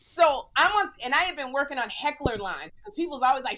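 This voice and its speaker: A woman co-hosting a podcast, telling a comedy story in casual chat, self-mocking and prone to tangents and quick asides. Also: high voice, animated, pushed and bright. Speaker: podcast co-host.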